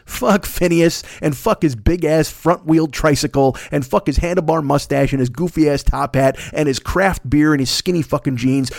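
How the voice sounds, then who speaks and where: A man's voice: a little high, creaky, dry recording, clean studio sound. A man in his fifties getting over a cold, riffing in a profane, rambling comic monologue as the host of his own show. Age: 50s. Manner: rambling, crude and animated, jumps into mocking voices. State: recovering from a cold, phlegmy. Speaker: podcast host.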